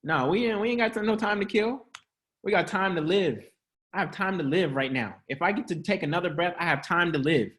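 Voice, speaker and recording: This host of an online church-style teaching is upbeat and motivational, speaking in casual slang while joking, laughing frequently and quizzing people. His high, slightly bright voice moves briskly.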